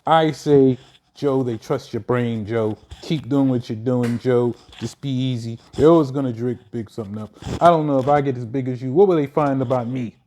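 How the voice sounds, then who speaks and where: A young man doing casual comedic commentary, animated and quick to slip into acted voices and asides. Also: mid-range voice. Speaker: comedian vlogger.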